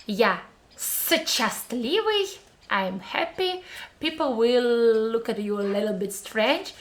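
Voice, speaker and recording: A woman with a Russian accent, a native speaker of the language she teaches, leads a pronunciation lesson in a fairly high voice. She talks at a slow, careful pace, repeating each word so the listener can follow along. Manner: slow, careful, encouraging, repeats words for drilling.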